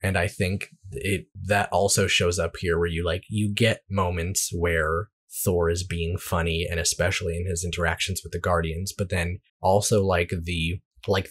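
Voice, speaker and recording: A man with a low, husky voice co-hosts a casual movie podcast. He rambles through his points with plenty of restarts and fillers. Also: fairly bright tone. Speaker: podcast co-host. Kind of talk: casual movie review chat.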